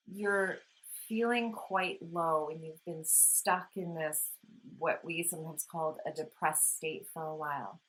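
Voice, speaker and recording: A woman vlogger gently explaining calming practices in a soothing, unhurried talk, with audible sighs when she demonstrates breathing. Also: on the low side, a little hiss or hum, low-quality recording. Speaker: wellness vlogger. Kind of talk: casual instructional talk.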